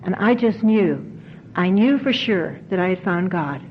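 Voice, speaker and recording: A woman's voice: on the low side, animated, unhurried. A woman giving an earnest, emotional talk to a recovery convention audience, repeating phrases for emphasis. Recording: dull 1990s tape, faint hiss.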